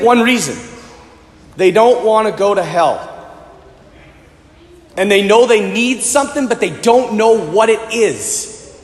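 A man, a Catholic priest, preaching an earnest, emphatic sermon and often clearing his throat. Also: high-pitched. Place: church. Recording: echoey church with long reverb.

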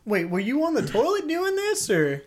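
A man in a casual chat, teasing his friend with quick reactions. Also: very high voice, wildly swooping pitch.

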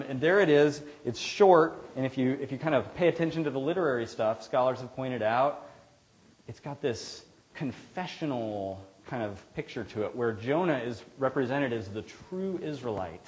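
A man's voice: mid-range voice, a little hiss or hum, rough recording. A man preaching a sermon in a church, in an earnest, conversational way with frequent restarts. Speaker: pastor. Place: church sanctuary.

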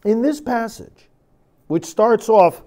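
Male priest, emphatic sermon delivery, higher voice, animated intonation. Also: slow pace. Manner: emphatic preaching, reading scripture with dramatic force.

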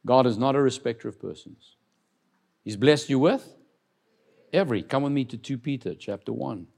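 A man preaching a sermon as pastor, building loud emphatic declarations and dropping low to read scripture and question the congregation. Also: lively intonation, normal speed, gravelly.

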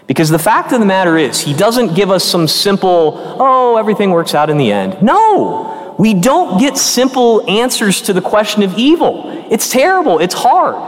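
Animated, earnest priest in echoing church. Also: male voice, high voice, normal speed. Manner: conversational, earnest, emphatic. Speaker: Catholic priest. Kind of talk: sermon. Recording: long church reverb.

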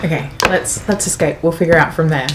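A woman's voice: deep voice, fairly quick, very noisy. A woman playing a tabletop game, thinking aloud and hesitating as she speaks. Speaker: player. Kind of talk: casual tabletop play.

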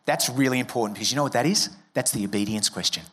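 A man's voice: mid-range voice, racing, breathy edge. A man preaching a sermon as a pastor, conversational and joking, acting out quoted voices. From Australia.

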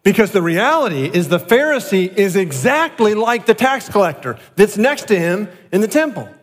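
Guy preaching, pretty high voice, lots of repeated points, big echo hall. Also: very animated, normal speed. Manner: rhetorical questions, emphatic repetition. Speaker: pastor. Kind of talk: sermon.

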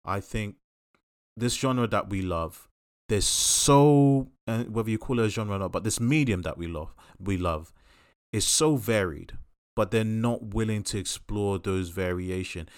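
A man's voice: on the low side, smooth, no echo. Opinionated man in a dry room. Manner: passionate, opinionated, quick asides. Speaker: podcast host. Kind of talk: casual chat.

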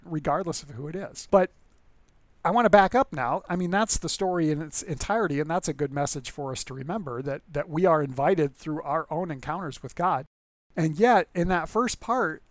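A man's voice: a little high, dry recording. A man preaching as a pastor in a casual, conversational way, often restarting words and acting out the people in the story. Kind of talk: conversational sermon.

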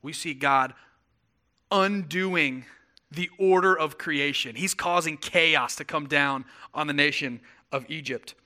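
Bright-voiced young pastor preaching. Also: male voice, fairly high pitch, takes it slowly. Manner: animated storytelling, acting out quoted voices. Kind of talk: sermon.

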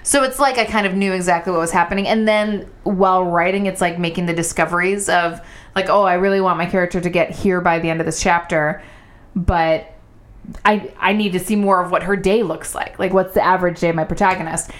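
A woman's voice: fairly low pitch, fairly even intonation, a little fast. Woman, writer, casual chat, rambling, playful. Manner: rambling, playful, breaks off and restarts.

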